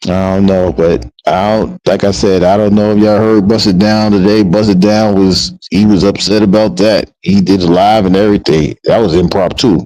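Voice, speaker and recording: Low-voiced man chatting loosely. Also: fairly even intonation, moderate pace, few pauses, warm tone, dry recording, poor audio. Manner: loose, laughing, slangy commentary. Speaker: host. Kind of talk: casual chat.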